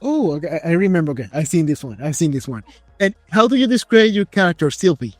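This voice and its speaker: A man's voice: a little high, sing-song, fast talker, dry recording, soft background music. A man hosting an interview, chatting casually and joking, laughing at his own stories. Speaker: interview host.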